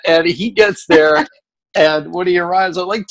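A man co-hosting a radio talk show, telling animated stories and laughing often. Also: a little high, fairly quick, creaky, rough recording. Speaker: radio co-host. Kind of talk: tribute storytelling on a talk show.

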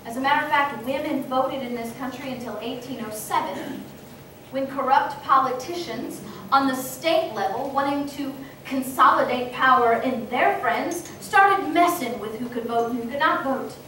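A high-voiced woman tells a story to a gathered crowd, acting out the lines she quotes. Her tone is bright and carrying. She sounds far from the mic, in a strongly echoing meeting hall with faint background noise. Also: moderate pace. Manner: animated, acts out quoted exchanges. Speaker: speaker at a political meeting. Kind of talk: storytelling speech to an audience.

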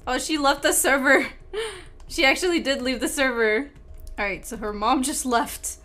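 High, bright-voiced giggly woman gamer. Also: normal speed. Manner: giggly, laughs often while narrating; playful, teasing. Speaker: gaming video host. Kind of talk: casual let's-play commentary.

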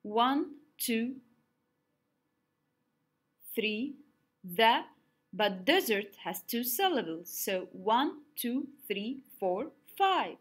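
A fairly high-pitched woman teaching young pupils, clapping out syllables at a slow, deliberate pace. Her voice rises and falls in a lively sing-song. A little music plays faintly underneath.

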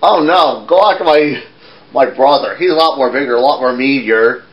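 A man's voice: medium pitch, animated, normal speed, highs cut off, close to an everyday voice. A man voicing a small timid billy goat who pleads and stammers in a puppet show. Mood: pleading.

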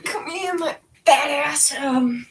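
A woman's voice: high-pitched, slow, gravelly, low-quality recording. A teenage girl vlogging at home while bathing her kittens, rambling and self-mocking, chatting to the cats. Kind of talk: casual vlog chat.

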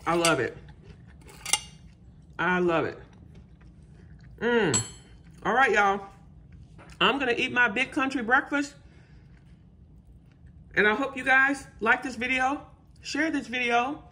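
A woman's voice: on the high side, expressive, slow pace, pauses often, sharp tone, slight background noise. A woman hosting her cooking channel, humming and exclaiming as she tastes her food and talks to viewers. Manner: exuberant, exclaiming and humming while tasting food. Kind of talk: casual cooking vlog, tasting and chatting to viewers.

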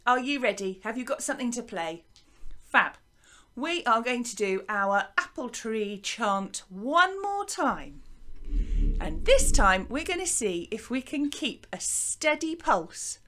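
An English woman teaching a bright, encouraging music lesson to young children from a small hut, speaking into a desk microphone. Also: on the high side. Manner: bright, encouraging, sing-song teacher talk. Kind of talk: lively online children's lesson. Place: small garden hut classroom. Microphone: desk microphone by laptop.

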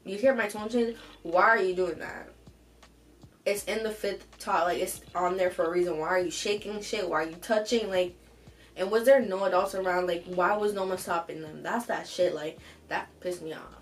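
A young woman hosting an advice show, reading a submitted story aloud and reacting to it with animated, profane commentary. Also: medium pitch, a little fast, low-quality recording. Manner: animated, swears freely, reacts loudly between read passages.

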